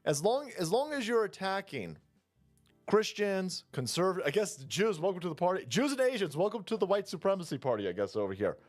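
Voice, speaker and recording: Man ranting, mocking tone, lively swooping pitch, slightly high voice, faint music behind. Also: brisk. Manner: mocking, profane, mimics others in high voices. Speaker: political commentator. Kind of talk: ranting commentary.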